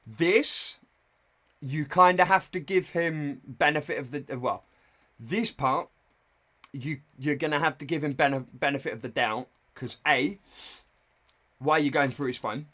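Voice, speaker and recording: A man's voice: fairly high pitch, unhurried, sharp tone. A young man streaming live reaction commentary in a loose, irreverent and blunt way.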